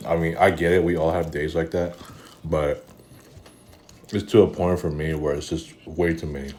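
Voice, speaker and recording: A man's voice: extremely low pitch, flat delivery, moderate pace, darkish tone. A man talking casually in a vlog, weary and rambling, with many fillers and restarts, and eating between sentences. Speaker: vlogger.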